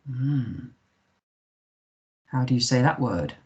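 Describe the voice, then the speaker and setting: A man's voice: medium pitch, expressive, slow pace, darkish tone. A man with an English accent, a primary school teacher giving a recorded remote lesson, patiently sounding out words letter by letter.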